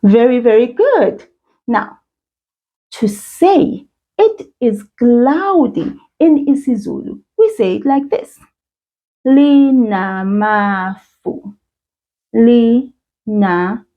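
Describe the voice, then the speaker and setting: A South African woman teaching children, with encouraging sing-song praise and slow call-and-repeat drills. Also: on the high side, sing-song. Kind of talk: slow, patient kids' lesson with call-and-repeat. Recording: dull lo-fi sound.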